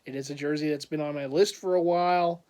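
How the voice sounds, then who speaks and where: A man's voice: on the high side, fairly even intonation, quick pace, a little mellow, smooth. A man chatting casually in a vlog, telling a rambling story with frequent laughs and restarts. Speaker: collector vlogger.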